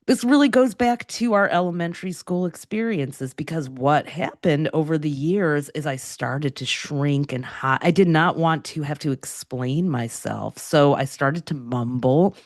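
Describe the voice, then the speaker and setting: Middle-aged woman host, deep voice, earnest reflective chat, dry close sound. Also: unhurried, few pauses, darkish tone, no echo. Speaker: podcast host. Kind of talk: casual chat.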